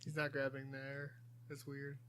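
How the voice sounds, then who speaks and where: A man's voice: medium pitch, completely flat delivery, measured pace, sharp tone. A young man on a podcast, making dry, brief remarks in casual chat. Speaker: podcast co-host.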